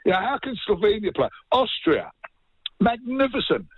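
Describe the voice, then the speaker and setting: Ranting English football pundit on a dull line. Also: male voice, high-pitched, normal speed, breathy edge, no echo. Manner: animated, ranting. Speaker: sports pundit. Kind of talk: sports radio banter.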